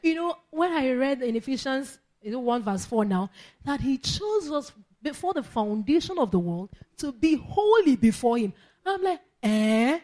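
A woman's voice: high-pitched, very animated, moderate pace, warm tone. A woman preacher, giving an emphatic sermon and repeating her key phrases. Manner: emphatic, repeats phrases, laughs between points.

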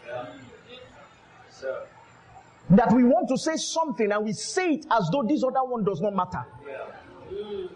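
A man's voice: very high-pitched, expressive, a little slow, pauses often, darkish tone, low-quality recording. A man preaching a sermon as pastor, emphatic, telling stories and calling out to the congregation. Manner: storytelling with quoted voices.

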